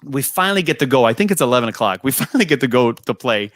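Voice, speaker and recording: Man telling lively anecdotes, dry close mic. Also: mid-range voice, very fast, no echo. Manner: animated anecdotes with frequent laughs and "I go". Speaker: guest musician. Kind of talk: casual storytelling interview.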